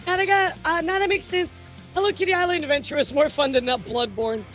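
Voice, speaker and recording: A woman streaming casual chat as a VTuber news host. She giggles often, talks in an animated way and swears casually. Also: sits high, brisk, faint music behind.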